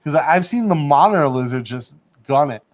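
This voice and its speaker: A man's voice: on the high side, lively intonation, brisk. A man hosting a casual livestream chat from a studio in Bangkok. He rambles, laughs often and hedges his points. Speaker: livestream host.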